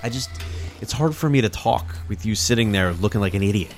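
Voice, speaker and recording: A man hosting a podcast in casual comedic chat, animated and mock-outraged, swearing freely. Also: lowish voice, brisk. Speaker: podcast host.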